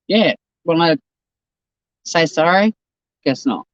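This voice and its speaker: A woman's voice: low voice, lively intonation, moderate pace, no room sound, highs cut off. Chatty sweary Australian woman streaming. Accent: South Australian. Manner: chatty, rambling, sweary and blunt. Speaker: YouTube livestream host. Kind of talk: casual livestream chat, reading comments.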